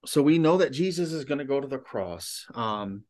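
A man's voice: medium pitch, expressive, normal speed, a little mellow. A male pastor giving a conversational sermon, full of rhetorical questions and frequent restarts.

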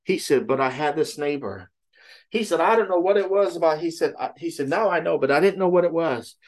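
Brisk and expressive, a fairly high-pitched pastor delivers a sermon by retelling a story peppered with "he said." He keeps asking "okay?" before moving on to teach from scripture.

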